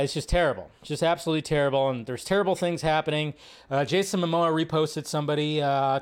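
A man hosting a casual live commentary show. His voice sits a bit high, and he rambles with plenty of fillers, restarts and swearing. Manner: rambling, full of fillers and profanity. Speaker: host.

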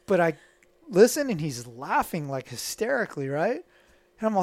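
A middle-aged man, a guest, telling stories in a casual, animated way and acting out the voices of people in them. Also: high voice, moderate pace, dry recording. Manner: animated, acts out quoted dialogue. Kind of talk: casual storytelling.

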